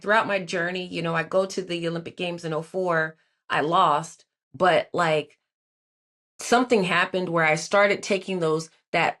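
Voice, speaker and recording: A woman's voice: fairly low pitch, fairly bright tone. A woman in her forties, a guest in an interview, telling her life story in an earnest, reflective way with many filler words. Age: 40s. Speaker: guest, Olympic athlete.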